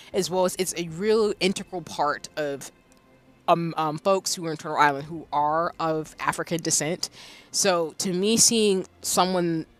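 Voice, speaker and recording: A streamer from the Southern United States chatting casually on a live stream, animated and quick to laugh. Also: mid-range voice.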